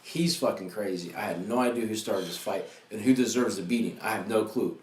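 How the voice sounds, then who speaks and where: A man co-hosting a comedy podcast, telling a story with lots of swearing in a casual, animated way. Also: on the low side, fairly quick, a little hiss or hum. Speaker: podcast co-host. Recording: echoey room with faint ambience.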